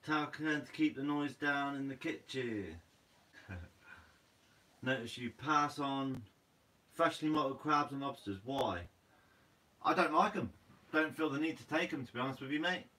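A man's voice: mid-range voice, unhurried, pauses often, pushed and bright, recorded from a distance, rough recording. A young man from Guernsey with a Guernsey accent, hosting a fishing channel's live Q&A, reading out comments in a laid-back, slightly sleepy way and calling everyone "mate". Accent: Guernsey English.

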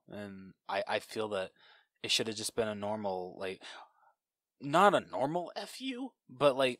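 A man's voice: medium pitch, no echo. Laid-back man reviewing a movie. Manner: laid-back, agreeable, reenacts lines with laughs. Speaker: podcast co-host. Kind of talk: casual movie review chat.

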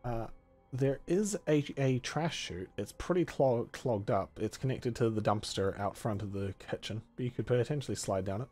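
Male game master narrating a tabletop game, relaxed and explanatory, faint music behind. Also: mid-range voice, moderate pace.

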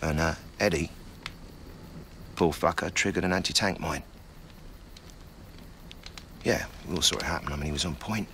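In a fan dub of film scenes, a man voices a blunt, hardened, middle-aged army sergeant who swears and barks orders, using an extremely low voice at a moderate pace with long pauses. The heavily acted, gruff delivery carries a grim storytelling mood, with a slight hiss or hum and loud film music in the background.

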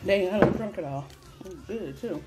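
A woman's voice: medium pitch, animated, moderate pace. A woman chatting casually into a phone camera while eating, laid-back and laughing often, with faint music behind her. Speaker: mukbang vlogger.

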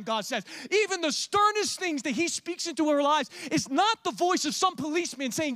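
A man preaching a sermon with passion, swinging from loud urging to hushed, intimate talk. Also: very high-pitched, lively intonation, normal speed, hardly any pauses.

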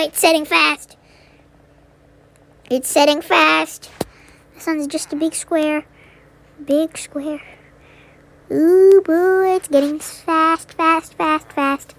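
A woman's voice: sits high, fairly bright tone, slight background noise. A woman chatting playfully while commenting on her gameplay, often repeating words and dropping into whispered asides. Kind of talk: casual let's-play commentary.

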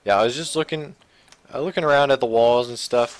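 A young man talking casually while playing a building game, rambling and restarting his sentences, low-key with sudden excited outbursts. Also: fairly quick. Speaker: gaming channel host. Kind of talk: casual Minecraft let's play commentary.

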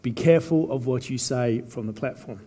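A man's voice: mid-range voice, fairly quick, mellow, husky. A man preaching a chatty, joking sermon as pastor. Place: church hall. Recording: reverberant church hall.

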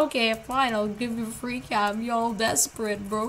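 A woman's voice: on the high side, lively intonation, normal speed, a bit bright, a little hiss or hum, rough recording. A young woman streaming a building game, jumpy and joking, cutting in with slangy, self-mocking asides. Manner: slangy, casual. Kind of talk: live gameplay commentary.

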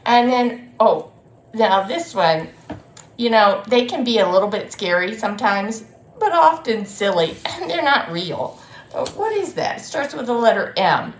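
A woman's voice: medium pitch, measured pace, a little hiss or hum. Sing-song woman leading storytime. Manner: animated, sing-song, addresses children and grown-ups. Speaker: children's librarian. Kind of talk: children's storytime. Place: library room. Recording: roomy echo.

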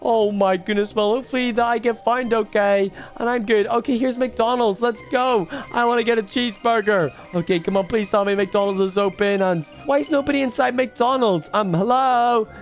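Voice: medium pitch, fairly even intonation, normal speed, few pauses, faint music behind. A gaming creator narrating a roleplay as a lost baby, talking dramatically to viewers and exclaiming often. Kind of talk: game roleplay commentary to viewers.

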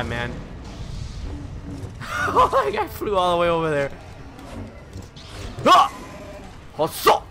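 A man giving casual, excitable commentary while playing a video game, swearing and yelling out his attack moves. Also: medium pitch. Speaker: let's play commentator. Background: loud game music.

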